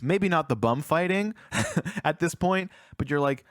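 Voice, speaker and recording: A man's voice: fairly high pitch, lively intonation, moderate pace, no room sound, clean studio sound. A man co-hosting a casual film review podcast, retelling scenes and acting out the characters' lines. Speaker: podcast co-host.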